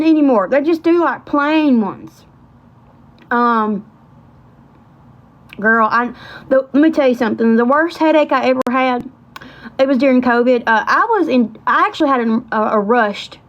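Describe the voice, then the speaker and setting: Chatty high-voiced woman, lo-fi. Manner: chatty, animated, rambling with Southern colloquialisms. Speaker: livestream host. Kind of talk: casual livestream storytelling.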